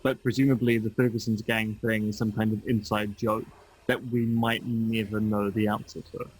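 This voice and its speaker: A man's voice: fairly low pitch, flat delivery, normal speed, a little hiss or hum, poor audio. A man co-hosting a podcast, chatting casually and making dry, wry quips. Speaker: podcast co-host. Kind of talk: casual chat.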